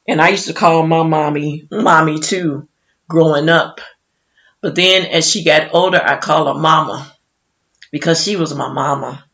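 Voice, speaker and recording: A woman's voice: low voice, fairly even intonation, measured pace, fairly bright tone. A middle-aged woman from Chicago giving a heartfelt, emotional Mother's Day tribute on the radio, with folksy asides and scripture. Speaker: radio guest speaker.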